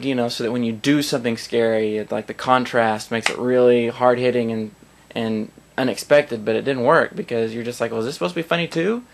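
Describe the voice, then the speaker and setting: A man giving a casual spoken film review in a sarcastic, rambling, mocking way. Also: mid-range voice.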